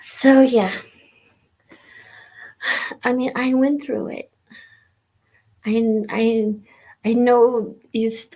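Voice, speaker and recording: A woman hosting a live stream, talking in a halting way with many fillers and repeated words, sometimes dropping to a whisper. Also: a little high, darkish tone. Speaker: host of a weekly live stream. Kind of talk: casual personal talk.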